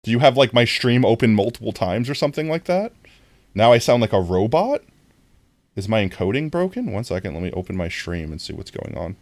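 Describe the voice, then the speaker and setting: Animated low-voiced male streamer. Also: fairly quick, no room sound. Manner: animated, talks to chat, mock-dramatic outbursts. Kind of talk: casual live game stream chat.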